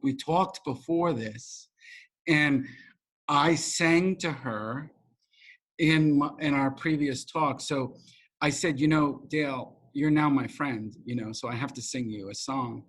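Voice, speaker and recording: This middle-aged man with a New York accent shares a heartfelt story as an interview guest, voicing the people he quotes in an emotional, animated way. He speaks slowly at a medium pitch, with a husky quality.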